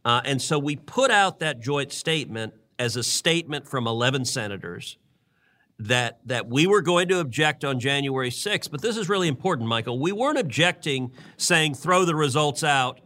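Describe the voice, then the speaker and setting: A man's voice: mid-range voice, expressive, normal speed, pushed and bright. A middle-aged man, a senator, explaining his reasoning in casual political talk, earnest and often repeating words as he builds a point. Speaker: senator and co-host.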